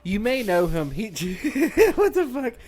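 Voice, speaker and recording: A man's voice: wildly swooping pitch, slow, a crowd in the background. A young man chatting casually as a podcast co-host, rambling and swearing, laughing often. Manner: rambling, profane, laughs a lot, jumps into high put-on voices. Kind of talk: casual chat.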